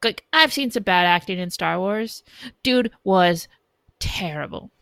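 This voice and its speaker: A woman co-hosting a casual fan podcast, giving slow, measured criticism and laughing easily. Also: mid-range voice, animated, creaky, a bit bright, clean tone, dry recording. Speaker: podcast co-host.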